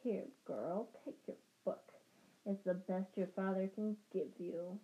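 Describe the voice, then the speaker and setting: Sneering posh wizard nobleman, soft-spoken and cutting, read by a woman; muffled recording. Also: medium pitch, steady tone, measured pace, lightly acted. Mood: spiteful. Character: sneering cold aristocratic wizard man.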